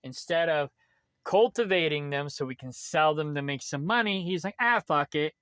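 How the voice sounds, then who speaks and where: A man's voice: fairly high pitch, normal speed, fairly bright tone, clear, resonant tone, dry recording, studio quality. A man ranting bitterly in a vlog, complaining about someone with lots of swearing. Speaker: vlogger. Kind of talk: angry vlog rant.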